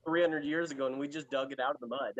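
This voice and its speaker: A man's voice: a little high, steady tone, fast talker, muffled recording, slight background noise. A man speaking as a guest on a podcast in casual chat, emphatic and exasperated.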